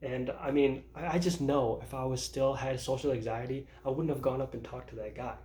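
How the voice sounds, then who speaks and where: A man in his thirties tells his own stories to the camera, stumbling through restarts and laughing at his own moments. His voice sits at an ordinary middle pitch. The room around him sounds hollow and echoey. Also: steady tone, fairly quick, mellow, a little hiss or hum. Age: 30s. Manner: rambling, self-interrupting, laughs at himself. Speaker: vlogger. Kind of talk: casual personal vlog. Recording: roomy echo.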